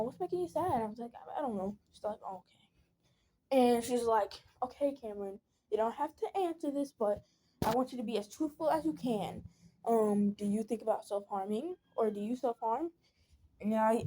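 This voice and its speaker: A teenage girl with a fairly high, warm and mellow voice tells a personal story for a casual vlog. Her talk wanders, is full of "like" and "um", and dips into imitations of the people she quotes. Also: a little hiss or hum. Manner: rambling, filler-heavy, acts out quoted people.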